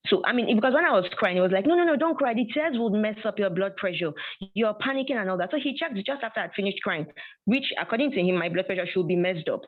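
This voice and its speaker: A woman telling a personal testimony in an animated way, acting out dialogue and often laughing. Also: medium pitch. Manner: animated storytelling with frequent laughs and quoted dialogue. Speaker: guest sharing a personal testimony. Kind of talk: storytelling testimony. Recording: tinny phone-like audio.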